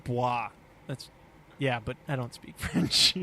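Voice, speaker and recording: At a measured pace and mid-range pitch, a man co-hosts a podcast with cheerful, casual banter. He chuckles while talking and fills gaps with many "uh"s, and there's background noise in the clip.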